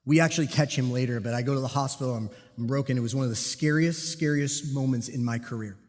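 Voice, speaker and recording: A man preaching a sermon, telling a personal police story with lively, self-deprecating humor. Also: mid-range voice, fast talker. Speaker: pastor and police officer. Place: church sanctuary. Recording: long hall reverb.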